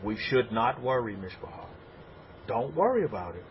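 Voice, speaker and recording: A man preaching a sermon as a rabbi, animated and repetitive. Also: medium pitch, moderate pace, highs cut off, a little hiss or hum. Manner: animated preaching, acts out congregants' voices.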